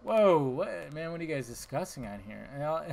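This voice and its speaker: A man hosting a casual solo podcast, talking bluntly and excitably, swearing freely and swinging between loud outbursts and mumbled asides. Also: on the high side, normal speed, gravelly, a little hiss or hum. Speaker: podcast host.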